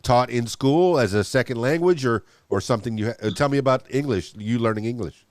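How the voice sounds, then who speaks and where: A man's voice: medium pitch, a little fast, darkish tone, no echo, studio quality. A man hosting a podcast, asking chatty, rambling questions in a casual interview. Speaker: podcast host.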